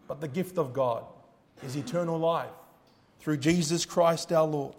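Male preacher, high-pitched, fervent sermon delivery, hushed-to-loud swings. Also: a little slow. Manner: reads scripture in old-fashioned wording.

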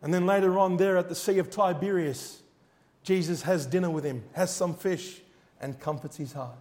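A man with a notably high voice delivers a fervent sermon. He drops to near-hushed tones and then swells to loud cries. He reads scripture in old-fashioned wording. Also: normal speed. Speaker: preacher.

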